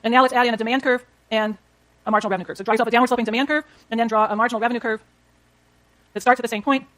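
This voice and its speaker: A middle-aged woman lecturing on economics at a very quick clip. Her voice sits a little high, and she walks the class through each graph as she draws it. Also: a bit bright. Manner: brisk, explains while drawing graphs, talks to students.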